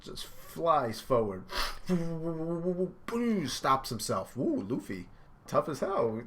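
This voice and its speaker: A man hosting a casual reaction video, describing comic panels with excitement and shouted sound effects. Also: fairly high pitch, very slow. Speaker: manga reaction video host.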